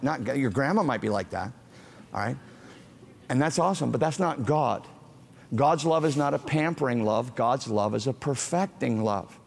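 Preaching in a large, reverberant hall, a pastor speaks a little slowly in a creaky, mid-range voice. He is emphatic and direct with the congregation, tossing in playful asides as he builds toward fervent proclamation.

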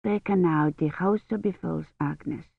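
A woman voicing a gentle young medieval mother who speaks softly and hushes her child in a storybook reading, in a dull, lo-fi recording. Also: fairly high pitch, measured pace, dry recording, pitched above the performer's own voice. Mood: soothing. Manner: soft, hushing. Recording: dull, lo-fi, dry.

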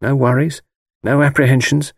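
A man narrating a novel in a measured, reflective storytelling manner. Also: medium pitch, little pitch movement, vocal fry, dry recording. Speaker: audiobook narrator. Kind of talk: audiobook narration.

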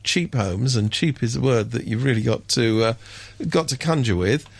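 A man chatting on a radio show, wry and sardonic, mimicking people in sudden high voices. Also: lively intonation, moderate pace, vocal fry, no echo. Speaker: radio commentator. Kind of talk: casual radio chat.

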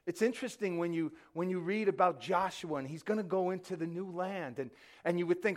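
A middle-aged man preaching a sermon, passionate, often repeating words and swinging between loud bursts and hushed moments. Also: high-pitched, fairly quick. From New York. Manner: repeats words when excited. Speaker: pastor.

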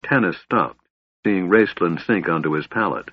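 A man narrating a fantasy audiobook in a measured storytelling manner. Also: sits low, breathy edge, lo-fi sound.

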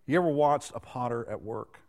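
A man's voice: medium pitch, brisk, darkish tone. A man in his thirties preaching a sermon in a folksy, conversational way, throwing questions out to the congregation. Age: 30s.

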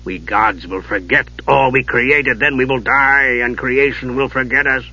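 A man voicing a worried old male dwarf with a deep, grim voice, giving dread-filled warnings. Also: steady tone, a little slow, sharp tone. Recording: dull lo-fi audio.

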